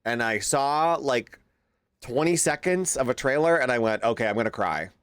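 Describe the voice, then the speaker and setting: A man's voice: mid-range voice, lively intonation, normal speed, a bit bright, smooth, dry recording, studio quality. A young man streaming live, chatting casually with his viewers and greeting them by name, now and then cooing at his pet. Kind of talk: casual livestream chat.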